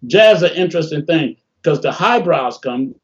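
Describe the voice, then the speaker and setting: An older man from Detroit telling animated stories in a casual interview over a video call, often acting out what people said. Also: fairly high pitch, normal speed. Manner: animated, laughing storyteller, acts out quotes. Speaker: interview guest, bassist. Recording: dull lo-fi call audio.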